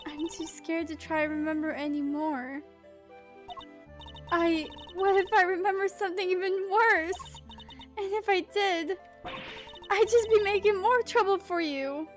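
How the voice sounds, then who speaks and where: A woman voicing a frightened young woman accused of murder, tearful, pleading and halting. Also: extremely high pitch, steady tone, faint music behind, pitched above the performer's own voice. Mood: despairing. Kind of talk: reading game dialogue aloud.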